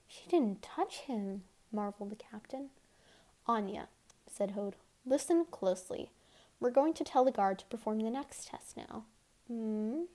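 A woman reading a novel aloud as an amateur audiobook, quick, giving the characters softly shifted voices. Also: mid-range voice. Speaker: audiobook reader.

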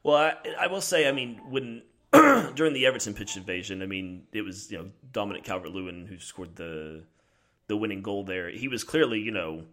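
A low-voiced man with a bright, forceful tone hosts a relaxed discussion. He thinks aloud, hesitates, and poses open questions to the others. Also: a little fast. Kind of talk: casual discussion.

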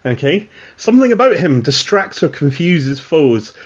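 A man's voice: on the high side, very animated, normal speed. A man running a tabletop game as game master, chuckling and rambling with fillers. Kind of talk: narrating a tabletop game with players. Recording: dull lo-fi sound.

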